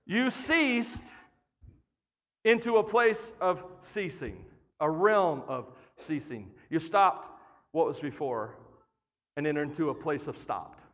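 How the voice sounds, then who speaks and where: A man preaching a sermon as pastor, playful and joking, building to energetic emphasis. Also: a little high, takes it slowly. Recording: long reverb of a large hall.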